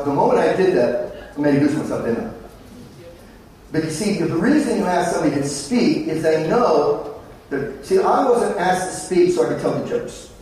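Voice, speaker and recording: High-voiced Australian man, echoey hall. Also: big pitch swings, normal speed, a little mellow, recorded from a distance, slight background noise. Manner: anecdotal, jokey storytelling. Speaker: conference speaker. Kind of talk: motivational presentation. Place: large conference hall.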